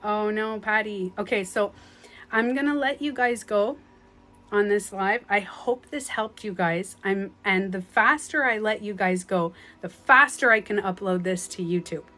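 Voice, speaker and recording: A woman's voice: mid-range voice, a little slow, bright, forceful tone. A woman hosting a casual phone livestream from home as a spiritual life coach, talking earnestly, rambling and often laughing.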